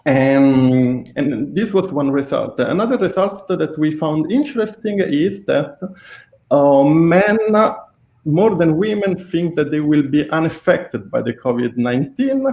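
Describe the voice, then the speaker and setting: Brief: male researcher, Italian accent, slightly high voice, halting delivery, roomy echo. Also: expressive, vocal fry, warm tone, highs cut off. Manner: hesitant, many fillers and restarts. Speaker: researcher guest. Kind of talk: explaining study findings. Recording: echoey room on a call.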